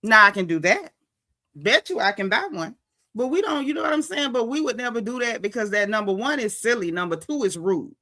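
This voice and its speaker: A woman with an African American English accent hosting a gossip commentary stream, talking in a sassy, indignant, animated way. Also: on the high side, a little fast. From United States. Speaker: gossip show host. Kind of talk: casual commentary livestream.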